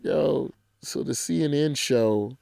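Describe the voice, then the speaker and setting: A man's voice: mid-range voice, slow pace, gravelly, dark tone, no echo. Joking comedian man, dry studio sound. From American South. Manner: loose, joking, slangy storytelling. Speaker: comedian guest. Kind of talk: casual podcast conversation.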